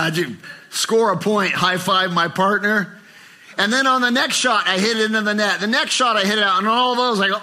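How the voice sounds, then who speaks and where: Older male pastor, bright, slightly high voice, animated sermon delivery. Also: normal speed. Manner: animated, acts out inner voices with rising pitch.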